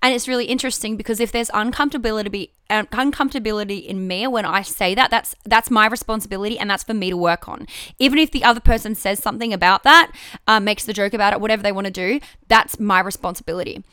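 A woman's voice: mid-range voice, quick pace, sharp tone, clear, resonant tone, dry recording, clean studio sound. A woman hosting a casual solo podcast, talking candidly and swearing freely, with frequent restarts. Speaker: podcast host.

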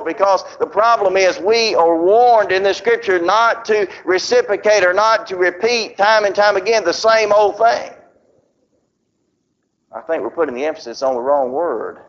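A man preaching a sermon in a fairly high voice. He slows down for scripture and moves between loud, raised points and low, hushed drops. The recording sounds dull and lo-fi.

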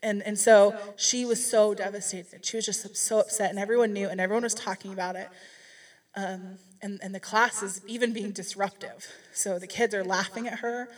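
A woman's voice: medium pitch, steady tone, normal speed, far from the mic. A woman speaking to a church group, telling a story in a chatty, rambling way with frequent restarts. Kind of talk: casual sermon storytelling.

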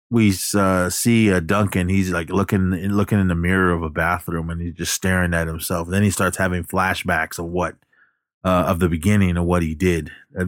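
Casting: low-voiced guy, laid-back rambling recap, dry close sound. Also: no echo. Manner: rambling, loose, swears, lots of fillers. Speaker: movie recapper. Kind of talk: casual plot retelling.

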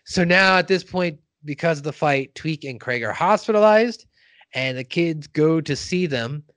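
A man's voice: on the high side, lively intonation, normal speed, fairly bright tone, no room sound. Chatty man retelling a cartoon. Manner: retells scenes while acting out the characters' lines, laughing often. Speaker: podcast host recapping a cartoon episode. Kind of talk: casual chat.

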